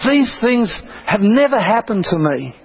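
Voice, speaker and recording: A man's voice: high voice, sing-song, unhurried, breathy edge. A man from Australia, a preacher telling a testimony in an earnest, dramatic way with repeated phrases, on a dull lo-fi recording. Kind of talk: sermon testimony.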